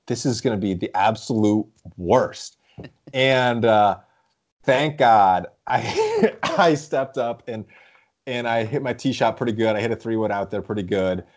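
A young man co-hosting a podcast tells stories in a rambling, animated way, laughing frequently during the casual chat. His voice is medium-pitched and his pace unhurried.

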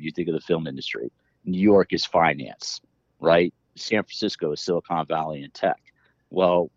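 A man's voice: a bass voice, no echo, lo-fi sound. A middle-aged man talking as an interview guest, rambling with many restarts as he explains his work in fitness education. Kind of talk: casual interview conversation.

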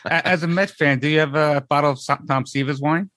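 A man's voice: fairly high pitch, steady tone, brisk, a bit bright, no room sound. A man co-hosting a casual chat, asking short questions. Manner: brief questions, agreeable backchannels.

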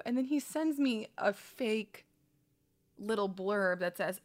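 A woman comedian co-hosting a chat show, telling a story in a lively way and acting out what people said. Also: mid-range voice, unhurried. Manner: animated, laughing storyteller acting out quotes. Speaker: comedian and podcast co-host.

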